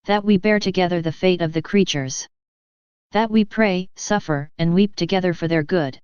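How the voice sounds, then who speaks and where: Casting: a woman voicing a tender, solemn divine man, low and silky-clear, in a dull, dry lo-fi recording. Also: moderate pace, a little mellow, no echo, close to an everyday voice. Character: gentle sorrowful male divine speaker, man.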